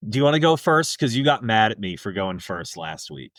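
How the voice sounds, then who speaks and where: A man's voice: on the low side, big pitch swings, brisk, fairly bright tone, dry recording. Playful guy cohost, voice bounces up and down a lot, laughs easy, dry mic. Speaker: podcast co-host. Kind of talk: casual chat.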